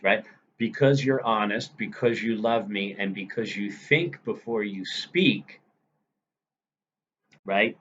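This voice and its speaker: A man's voice: low-pitched, a little slow, a bit bright. A man teaching a literature lesson in a conversational way, reading quoted lines aloud and checking in with the listener. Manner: conversational, frequent "right?" check-ins. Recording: dull lo-fi recording with faint noise.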